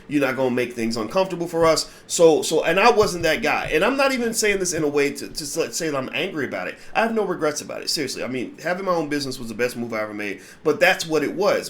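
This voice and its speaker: A man's voice: fairly high pitch, lively intonation, fast, few pauses, fairly bright tone. A man hosting a commentary channel, delivering an emphatic, blunt monologue and often repeating words as he starts his sentences.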